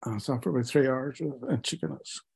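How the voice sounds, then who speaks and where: A middle-aged man recounts his past with candid, self-mocking honesty, stumbling over fillers. His voice is husky and mellow. He sounds close to tears. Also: mid-range voice, fast talker. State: tearful. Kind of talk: personal storytelling to an interviewer.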